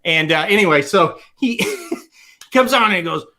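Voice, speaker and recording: High, lively man laughing through stories. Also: normal speed. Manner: laughs through his story, loose and chatty. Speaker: podcast co-host. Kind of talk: casual chat telling funny stories.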